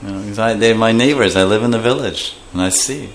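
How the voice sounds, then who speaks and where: Animated low-voiced man teaching scripture. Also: fast talker, a little hiss or hum. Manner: animated, acts out voices while explaining terms. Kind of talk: scripture class lecture.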